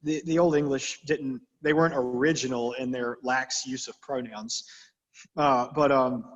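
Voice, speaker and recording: A man's voice: medium pitch, steady tone, a little slow, lo-fi sound. A man leading a Bible study in a church, talking conversationally with the group and reading scripture aloud with emphasis. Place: church meeting room. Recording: long reverb of a church hall.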